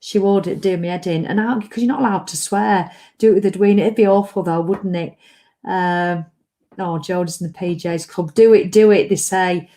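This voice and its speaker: A woman's voice: lowish voice, moderate pace. Chatty woman. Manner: chatty, lively, reads out comments. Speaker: livestream host. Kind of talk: casual live chat to viewers.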